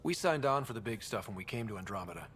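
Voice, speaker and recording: An actor playing a resolute male starship leader, steady and gravelly, in game audio. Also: on the low side, fast talker. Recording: game audio with faint noise.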